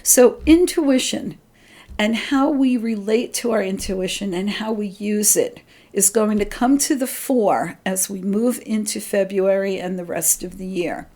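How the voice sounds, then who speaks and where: A middle-aged woman giving an earnest spiritual talk, gently coaching listeners about their intuition. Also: mid-range voice, unhurried. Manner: gentle, earnest, quotes her inner voice in a lighter tone. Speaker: spiritual teacher.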